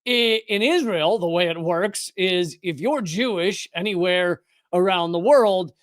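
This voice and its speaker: A man's voice: sits high, measured pace, no room sound, clean studio sound. A man hosting a live-streamed commentary show, rambling and correcting himself, with sarcastic asides. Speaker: political commentator host.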